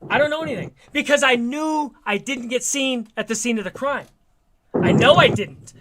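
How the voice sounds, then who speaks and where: A man's voice: very high voice, moderate pace, noisy background. A man telling streetwise stories in a casual, swearing chat. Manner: streetwise, swearing, animated storyteller.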